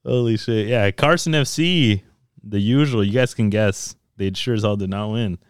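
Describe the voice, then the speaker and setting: A man co-hosting a soccer podcast in casual, animated chat, swearing freely and switching into Spanish. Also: fairly low pitch, moderate pace, clear, resonant tone, dry recording, studio quality.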